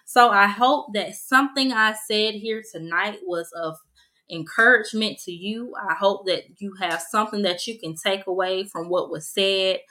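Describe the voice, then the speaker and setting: A woman's voice: medium pitch, moderate pace, bright, forceful tone, low-quality recording. A young woman hosting a casual faith podcast, talking in an earnest, conversational way that leans toward a sermon. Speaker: podcast host.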